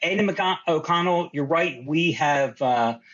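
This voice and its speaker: A middle-aged man talks through his betting picks with animated bursts of speed and disbelief. His voice sits fairly high and sounds husky. The audio is dull and lo-fi. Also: measured pace. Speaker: sports betting analyst. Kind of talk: sports betting podcast chat.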